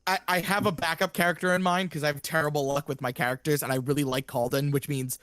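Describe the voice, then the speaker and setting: A man playing a tabletop game who chats quickly and mocks himself. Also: fairly high pitch, little pitch movement, fairly bright tone, no echo, clean studio sound. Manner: quick, self-mocking, chatty. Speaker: player. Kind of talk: casual tabletop play.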